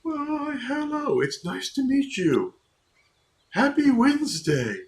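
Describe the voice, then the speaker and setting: A man voicing a gentle, forgetful male teddy bear, speaking slowly and softly. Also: very high voice, wildly swooping pitch, distant mic, pitched above the performer's own voice, full character voice. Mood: friendly.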